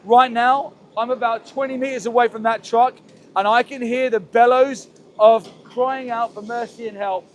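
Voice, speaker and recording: High-voiced man pleading outdoors. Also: steady tone, normal speed. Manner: pleading, repetitive, emotional. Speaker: activist livestream host. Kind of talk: impassioned live street commentary. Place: outdoors near a slaughterhouse.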